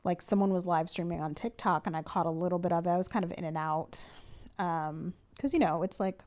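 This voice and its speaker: A young woman chatting to camera for her planner vlog, excited and slangy but sleepy, yawning now and then. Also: fairly low pitch, fairly quick. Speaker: planner vlogger. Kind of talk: casual chat to camera.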